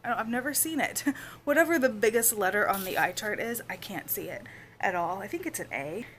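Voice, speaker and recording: A woman's voice: mid-range voice, lively intonation, a little fast, a bit bright, soft background music. Chatty woman losing her voice. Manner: chatty, rambling, lots of "like" and "y'all". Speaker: vlogger. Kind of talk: casual vlog chat.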